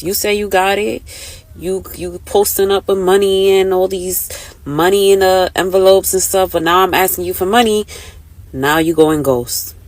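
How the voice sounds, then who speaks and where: A woman's voice: mid-range voice, no room sound. A woman ranting in an exasperated, sarcastic way. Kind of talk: casual rant.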